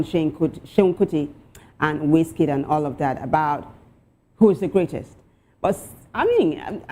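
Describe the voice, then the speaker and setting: A woman hosting a talk show, reading out social media posts with lively asides. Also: low voice.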